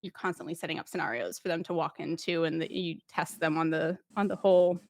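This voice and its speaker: A woman guest, a former paramedic, talking casually in an interview, telling lively stories with acted-out voices and frequent laughs. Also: deep voice, fast talker. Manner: animated storyteller who acts out voices and laughs often.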